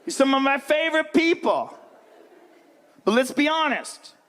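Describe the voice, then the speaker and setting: A man's voice: very high-pitched, big pitch swings, unhurried, in a large hall, background noise. A man doing stand-up who teases the audience and acts out a bickering couple. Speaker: stand-up comedian. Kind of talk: stand-up routine.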